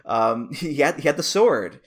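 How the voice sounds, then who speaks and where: A man's voice: medium pitch, expressive, measured pace. A man in his thirties co-hosting a podcast, chatting casually and enthusiastically, laughing easily as he reminisces. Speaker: podcast co-host. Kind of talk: casual chat.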